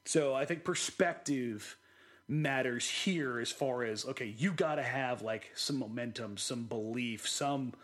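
A man co-hosting a casual sports podcast, talking in an animated, rambling way with quick restarts. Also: medium pitch. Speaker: podcast co-host.

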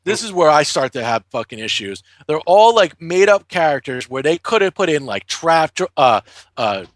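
A man recaps a comic book in casual, rambling chat, heavy on swearing and fillers. His voice sits slightly high. The sound is dry and close, with no room around it. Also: sing-song, normal speed, no room sound. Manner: profane, rambling storytelling with many fillers.

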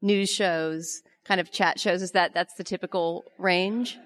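A woman co-hosting a culture podcast, talking in an articulate, measured way. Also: fairly low pitch, fairly even intonation, fairly bright tone, dry recording. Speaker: podcast co-host. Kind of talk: live panel podcast chat.

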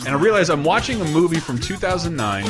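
A man's voice: fairly high pitch, big pitch swings, quick pace, music in the background. A man in his twenties from Georgia, chatting casually on a podcast and telling stories with frequent laughs. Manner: joking, storytelling, laughs often. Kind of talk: casual chat.

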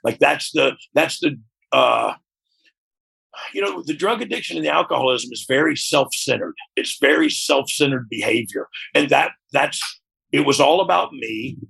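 The interview guest, a former wrestler, talks openly and thoughtfully in a candid conversation, often tagging on "you know what I mean?" He has a mid-range, creaky, husky voice that is a touch bright.

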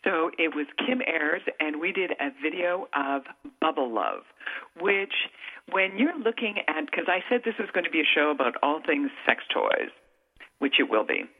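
A woman hosting a radio talk show, chatty and rambling with quick laughs. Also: deep voice, sing-song, husky. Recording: phone-line quality.

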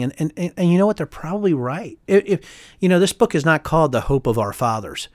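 A man, a former congressman, speaking as a guest in a candid political interview, fast and emphatic, often heated, tagging his points with "right?". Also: fairly high pitch, animated, darkish tone, no echo, studio quality. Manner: fast, emphatic and heated, many tag questions.

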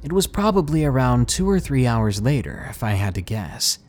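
A man narrates a first-person scary story in a mid-pitched voice that rises and falls with lively intonation. His delivery is dramatic and deliberate, stretching out the tense moments. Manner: expressive, dramatic, slowing for suspense.

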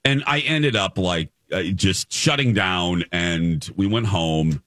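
A man's voice: deep voice, slow, fairly bright tone, dry recording, clean studio sound. A man in his forties, a radio co-host, telling a personal story in casual chat and acting out the quotes. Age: 40s.

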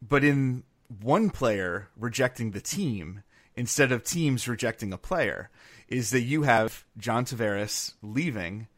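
A man's voice: mid-range voice, fairly bright tone. A man co-hosting a podcast, laying out a hockey theory step by step in casual, thoughtful talk. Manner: thoughtful, lays out an idea step by step. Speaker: podcast co-host. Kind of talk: casual sports chat.

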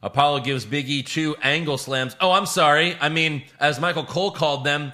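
Podcast co-host, male, bright forward tone, swears freely, loose recap delivery. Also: fairly high pitch, fairly quick. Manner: profane, animated recapping. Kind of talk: casual chat.

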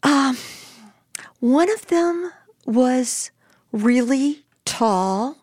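A woman telling a personal story in an interview, emphatic and animated. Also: high voice, drawn-out words, no echo, studio quality. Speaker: storyteller guest.

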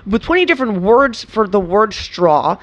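An animated woman from Venezuela, guesting in a casual interview. She laughs often, restarts her sentences, and keeps the talk lively. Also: mid-range voice, normal speed, lo-fi sound. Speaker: writer and performer guest.

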